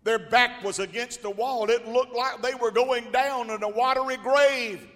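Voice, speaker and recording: A male pastor preaching a sermon to a congregation, building from slow, measured lines to shouted, drawn-out exclamations. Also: extremely high pitch, fairly even intonation. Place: large church hall. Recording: long hall reverb.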